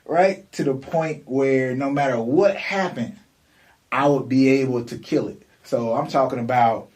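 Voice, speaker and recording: A man's voice: mid-range voice, unhurried, a little mellow, far from the mic. A man co-hosting a music podcast, telling rambling, laid-back stories. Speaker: podcast co-host. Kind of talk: casual podcast chat.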